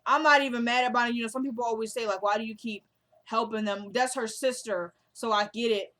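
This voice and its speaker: A woman's voice: fairly high pitch, steady tone, a little fast, fairly bright tone. Woman doing a chill recap of a tv episode, chatty, talking right to her viewers and replaying the lines. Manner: chatty, talks straight to viewers, retells dialogue. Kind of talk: casual show recap vlog.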